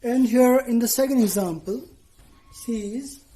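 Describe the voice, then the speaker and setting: A woman teacher giving a lesson to students, speaking deliberately, spelling out letters and often checking in with "okay". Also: fairly high pitch, warm tone, faint music behind, poor audio.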